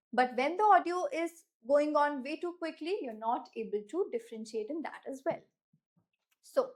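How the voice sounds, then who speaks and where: A woman with an Indian English accent teaches a lesson in a high, light voice. She speaks clearly and deliberately, and she slows down on the words she wants her students to remember. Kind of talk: instructional lesson.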